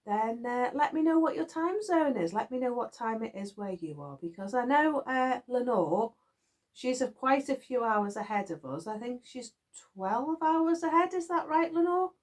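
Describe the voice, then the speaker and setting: Chatty giggly British woman, lively pitch. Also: moderate pace. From United Kingdom. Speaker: knitting vlogger. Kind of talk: casual chat to viewers. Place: garden shed.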